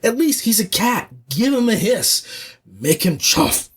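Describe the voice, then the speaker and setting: A man hosting a podcast, giving a casual, opinionated audiobook review in an animated, rambling way with lots of restarts. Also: high voice, measured pace, husky.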